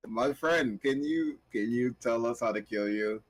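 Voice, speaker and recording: A man's voice: mid-range voice, a little slow, a little hiss or hum. A man playing a tabletop role-playing game. He hesitates a lot with ums and laughs at himself. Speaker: player. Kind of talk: casual tabletop game play.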